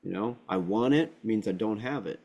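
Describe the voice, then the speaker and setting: Male host, slightly low voice, affirming and earnest, explains spiritual ideas. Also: lively intonation, moderate pace, creaky, a little mellow. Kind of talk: spiritual talk-show chat.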